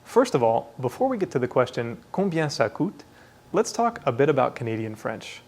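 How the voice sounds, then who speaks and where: A man teaching French in a clear, explanatory way, modeling pronunciations. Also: medium pitch, sing-song, moderate pace, darkish tone, faint music behind. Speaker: language teacher. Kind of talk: scripted lesson narration.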